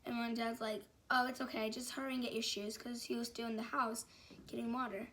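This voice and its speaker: A woman's voice: on the high side, flat delivery, a little fast, a bit bright. Rambling young woman telling a story. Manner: rambling, many fillers and restarts. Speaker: vlogger. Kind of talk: casual story time.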